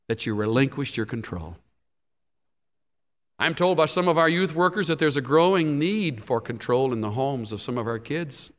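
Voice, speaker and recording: A male pastor preaching a sermon, emphatic, rising and dropping sharply in loudness and pitch. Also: big-room sound.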